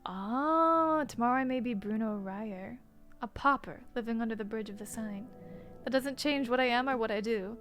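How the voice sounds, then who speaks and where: A man's voice: very high-pitched, moderate pace, a bit bright, faint music behind. A woman voicing a scheming, charming male con man prisoner with a theatrical, flowery way of telling stories. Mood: smooth, evasive.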